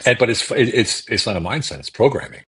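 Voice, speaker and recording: A man's voice: mid-range voice, lively intonation, fast talker, sharp tone, breathy edge. A man talking as a podcast guest on a remote call, emphatic and repeating words for stress. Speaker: guest political commentator. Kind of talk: casual podcast talk.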